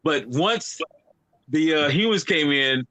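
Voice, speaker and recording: A man's voice: on the high side, slow, no echo. A man co-hosting a podcast, chatting casually and laughing as he recaps an anime episode. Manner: animated, laughing storyteller with fillers. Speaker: podcast co-host.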